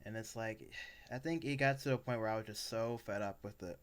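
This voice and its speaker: A man's voice: on the low side, a little fast. A young adult man co-hosting a podcast, telling personal stories in a casual chat that rambles, with lots of fillers and restarts. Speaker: podcast co-host.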